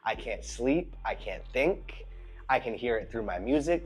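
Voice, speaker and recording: A man's voice: medium pitch, sing-song, a little slow, husky, soft background music. A man co-hosting a podcast, talking in a laid-back, wry way in casual chat. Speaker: podcast co-host.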